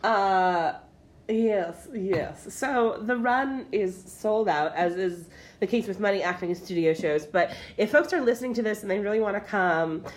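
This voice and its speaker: A woman's voice: mid-range voice, a little slow. A woman hosting a podcast interview, chatty and playful, laughing often between questions. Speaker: podcast host. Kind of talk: casual interview chat.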